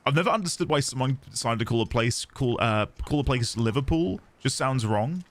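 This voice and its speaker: A man's voice: mid-range voice, animated, fairly quick. A man chatting casually on a live game stream, rambling and self-deprecating.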